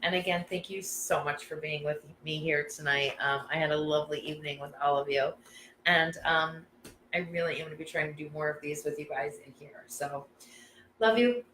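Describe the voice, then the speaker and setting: A woman's voice: low voice, flat delivery, a little fast, bright, forceful tone, reverberant, a little hiss or hum, poor audio. A woman hosting a casual live class, effusive and gushing, laughing often. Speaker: intuitive class host.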